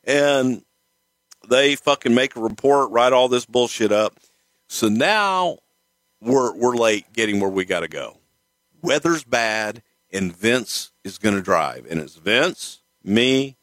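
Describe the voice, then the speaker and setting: A guest storyteller with a voice on the low side tells stories casually, swearing a lot in an animated, profane way. The recording is dry.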